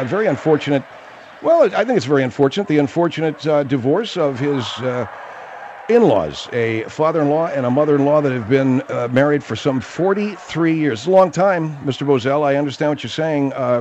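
A man hosting a talk radio show, mocking and wry, with drawn-out asides. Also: fairly high pitch, darkish tone, dull audio, a little hiss or hum.

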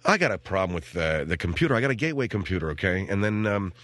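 A man's voice: low voice, big pitch swings, fast, a bit bright, dry recording. A middle-aged man hosting a talk show, ranting in a rambling, wisecracking way and mimicking the people he talks about. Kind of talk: comic rant to co-hosts.

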